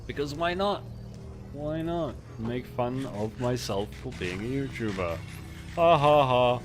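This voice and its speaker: A man's voice: medium pitch, expressive, unhurried, over music. A man streaming a game, chatting casually, rambling and mocking himself while reading chat aloud into a desk microphone.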